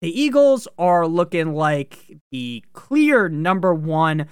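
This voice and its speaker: Profane joking man with a smooth voice. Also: a little high, big pitch swings, no echo, studio quality. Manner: profane, joking, fast-talking. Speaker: fantasy football podcast host. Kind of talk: casual podcast commentary.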